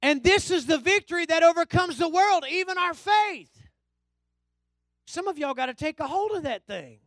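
A man preaches with a very high voice. He drops to low asides, then builds into loud call-and-response shouts at his congregation. The sound is dry and close. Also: expressive, normal speed, no room sound. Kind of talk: sermon. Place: church hall.

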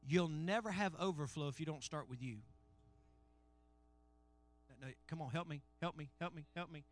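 A male pastor preaching a sermon in call-and-response style, swinging between loud shouts and low murmurs. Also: moderate pace, faint music behind.

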